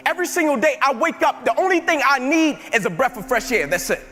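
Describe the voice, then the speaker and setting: Talking fast with hardly any pauses, a man delivers a very animated motivational speech to a live audience in a large hall, building his points emphatically through repeated phrases. His very high voice has a sharp tone, and the hall's reverberant sound carries music underneath.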